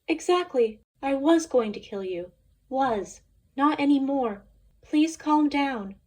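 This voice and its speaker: A woman's voice: high voice, expressive, slow, a little mellow, pitched above the performer's own voice. A woman voicing a blunt cold alien. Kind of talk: audiobook character voice.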